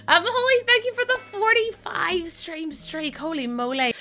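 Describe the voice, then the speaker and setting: A woman's voice: extremely high pitch, sing-song, moderate pace, few pauses, bright, forceful tone, soft background music. A young woman streaming live, chatting casually and giggling as she thanks viewers by name. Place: home, indoors.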